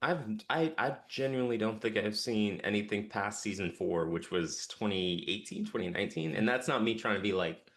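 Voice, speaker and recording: A man's voice: lowish voice, normal speed, few pauses, fairly bright tone. A man co-hosting a podcast in a laid-back, joking way, using slang. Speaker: podcast co-host. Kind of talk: casual podcast chat.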